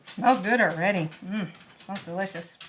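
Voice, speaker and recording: This is a middle-aged woman, chatting through a recipe in her home kitchen. She is bubbly and easily thrilled, and her voice sits at an ordinary middle pitch. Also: moderate pace, a little hiss or hum. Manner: bubbly, gushing, easily excited. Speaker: home cooking vlogger. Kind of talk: casual cooking demonstration.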